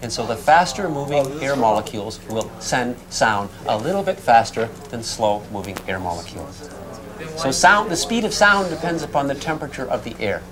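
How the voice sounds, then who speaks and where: Animated man teaching a physics class. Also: mid-range voice, moderate pace, crowd noise. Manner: lively, conversational, checks in with students. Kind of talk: classroom lecture.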